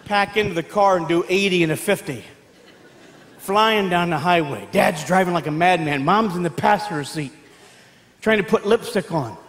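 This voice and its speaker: A man performing stand-up comedy on stage, telling animated stories and acting out family members in loud, barked voices. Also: high-pitched, normal speed. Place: large hall with live audience. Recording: echoey hall with faint background noise.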